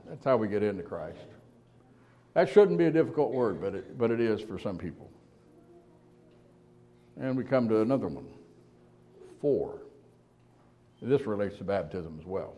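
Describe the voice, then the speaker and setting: A man preaching a sermon, asking rhetorical questions and slowing down to stress key words, with quiet asides between louder emphatic points. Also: mid-range voice, lively intonation.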